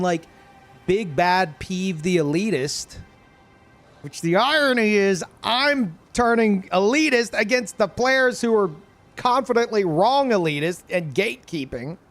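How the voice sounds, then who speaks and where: Young male streamer, lively rising and falling pitch, slow deliberate delivery, game music under. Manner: profane, animated ranting, laughs often. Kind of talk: live gameplay commentary.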